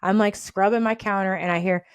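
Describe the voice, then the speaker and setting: Woman doing a storytime, animated, keeps laughing, acts out people, middle pitch, dry close sound. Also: brisk, clean tone, no room sound. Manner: laughs often while telling. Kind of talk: casual storytime.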